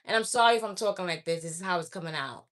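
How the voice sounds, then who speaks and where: This oracle reader races through her direct-to-camera spiritual message in a fairly low, somewhat bright voice. She lectures her audience bluntly, scolding and repeating herself.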